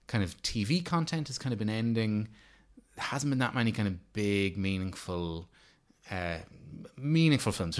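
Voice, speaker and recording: A man in his thirties talks films on a casual podcast with a lowish voice. He rambles and restarts often, tossing in fillers as he goes. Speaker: podcast co-host. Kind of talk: casual film review chat.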